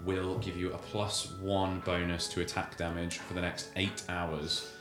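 A man's voice: deep voice, level tone, measured pace, echoey room, over music. A man narrating as game master, hesitating often with lots of ums and uhs.

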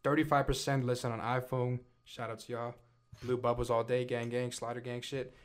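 A man's voice: mid-range voice, little pitch movement, a little fast, smooth. Brash, profane young male podcast host. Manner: brash, profane, hypes the audience. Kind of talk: casual chat.

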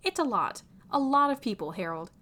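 A woman's voice: mid-range voice, fairly even intonation, normal speed, darkish tone, natural voice. A woman voicing an earnest young man who bursts into emphatic exasperation, read from a fan story. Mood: exasperated. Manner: emphatic, rising to exasperated outbursts.

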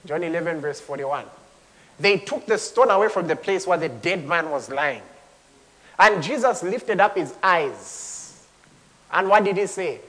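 A man preaching a sermon with passion, moving from hushed tones to shouting and at times speaking in tongues. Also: high-pitched, big pitch swings, unhurried, in a large hall. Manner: impassioned, swings between hushed and shouting.

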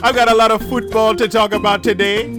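A man's voice: high voice, flat delivery, music in the background, voice pushed up, natural voice. A man doing a sing-song put-on Jamaican drawl. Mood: hyped. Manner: sing-song, drawn-out, tacks "man" onto lines. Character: laid-back man with a put-on Jamaican accent. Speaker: podcast host.

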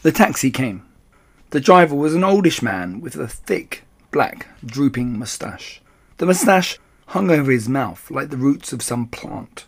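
Brief: male storybook reader for kids, lively and expressive, mid pitch. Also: unhurried, vocal fry, breathy edge. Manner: expressive, animated. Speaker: audiobook reader. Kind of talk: storybook narration for children.

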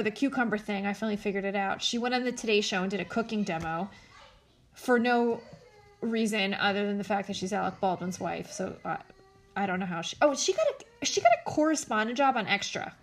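A woman's voice: medium pitch, expressive, brisk, a bit bright. A woman hosting a casual commentary show, blunt and sarcastic, swearing freely as she talks.

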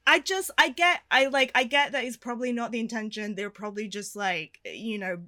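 A woman in casual podcast chat, animated and ranting, often laughing. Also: a little high, fairly quick. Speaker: podcast co-host reviewing a film.

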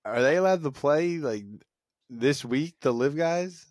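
A man co-hosting a podcast, curious and quick with questions in casual chat. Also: a little high, dry recording. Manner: curious, fires off questions, laughs a lot. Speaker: podcast co-host.

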